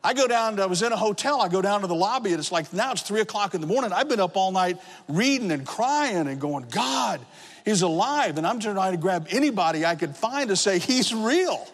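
A man preaching a sermon, telling his own conversion story with rising emotion and shouted praise. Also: high-pitched, animated, fairly quick. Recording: long hall reverb.

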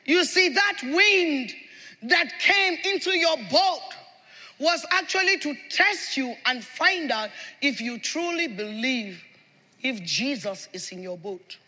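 A man preaching a sermon as pastor, shouting and repeating his refrains with passion. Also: very high voice, animated, slow. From Nigeria. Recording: reverberant hall with congregation.

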